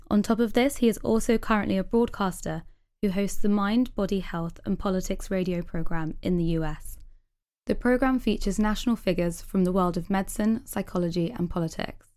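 Woman podcast host, formal scripted intro, measured, mellow tone. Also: mid-range voice.

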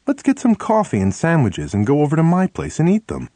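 A brash young woman from a bar, as a man reading the story puts her on, bold and showy, working every angle. Her lines lift higher and swing with lively ups and downs, recorded close and dry. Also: brisk, no echo. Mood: scheming.

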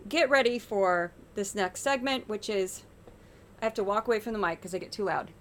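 A woman's voice: mid-range voice, a little fast, a bit bright, a little hiss or hum. A woman hosting a podcast, giving sarcastic, exasperated political media commentary. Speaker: podcast host.

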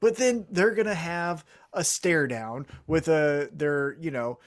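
A laid-back man co-hosting a casual podcast, his voice pitched a little high. He gives short, dry replies in an easy, relaxed way. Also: slow pace. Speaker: podcast co-host. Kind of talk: casual chat.

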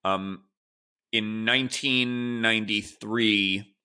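A man in his forties hosting a podcast, telling rambling, animated stories full of fillers and restarts. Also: on the low side, takes it slowly, clean tone. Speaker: podcast host. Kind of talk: casual storytelling chat.

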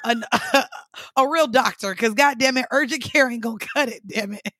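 A woman's voice: on the high side, normal speed, fairly bright tone, no echo, clean studio sound. A woman hosting a podcast in casual chat, blunt and chatty, swearing casually. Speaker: podcast host.

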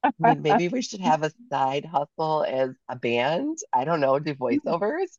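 A woman co-hosting a podcast interview, hoarse from a cold, gushing with praise in a casual chat. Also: low-pitched, big pitch swings, moderate pace, darkish tone, no echo, lo-fi sound. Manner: effusive, gushing. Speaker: podcast co-host.

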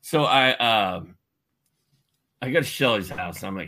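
A man in his fifties from Indianapolis, telling a long story as a podcast guest in a lively, filler-heavy way. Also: fairly low pitch, a little slow, long pauses. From Indianapolis, United States. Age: 50s. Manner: animated, with many fillers and asides. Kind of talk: casual storytelling.

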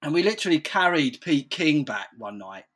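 A man's voice: a little high, big pitch swings, moderate pace, fairly bright tone, breathy edge. A man telling stories in casual chat, rambling, swearing freely and saying "like" constantly.

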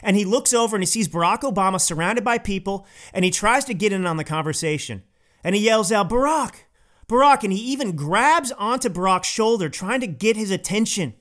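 A man's voice: high voice, brisk, a bit bright. A male podcast host delivering an emphatic, indignant political opinion monologue, repeating points for stress.

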